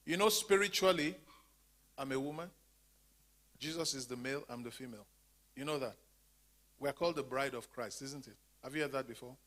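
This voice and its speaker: Teaching a women's church class, a Zambian man asks questions and leaves sentences open for the group to complete, repeating key words for emphasis. His mid-range voice is fairly quick and fairly bright, with frequent pauses.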